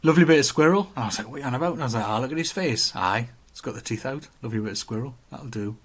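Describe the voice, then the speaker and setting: A man's voice: mid-range voice, animated, rapid-fire, a bit bright, husky. A man, co-hosting a casual podcast chat, joking and reading out viewer comments. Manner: chatty, joking, reads out comments. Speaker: podcast co-host.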